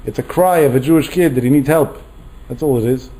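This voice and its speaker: Man, middle-aged, rabbi, storytelling sermon, warm low timbre, average pitch. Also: a little fast, rough recording. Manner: animated, acts out quoted voices. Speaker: rabbi lecturer. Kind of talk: Torah lecture with storytelling.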